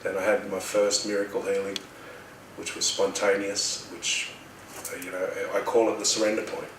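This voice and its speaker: Australian man, middle-aged, low voice, casual storytelling, echoey distant recording, faint background ambience. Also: normal speed, slight background noise. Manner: rambling, animated retelling with quoted dialogue. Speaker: healer telling his story.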